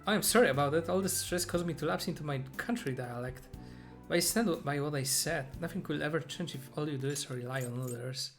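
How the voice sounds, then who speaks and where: A man's voice: a little high, fairly quick, lightly acted. Brief: remorseful young female fortune teller from a game, sincere and pleading, read by a man in his own voice, music behind. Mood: earnest. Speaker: gamer reading game dialogue aloud. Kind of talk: reading game dialogue aloud.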